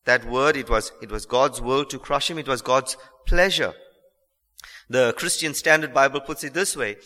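Bright-voiced man preaching in a reverberant hall. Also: medium pitch. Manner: earnest, repeats phrases for emphasis, slows on key lines. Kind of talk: sermon.

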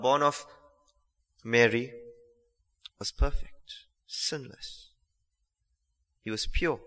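Male preacher, earnest and repetitive, bright tone, reverberant church hall. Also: fairly high pitch. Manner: earnest, repeats phrases for emphasis, slows on key lines. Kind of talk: sermon.

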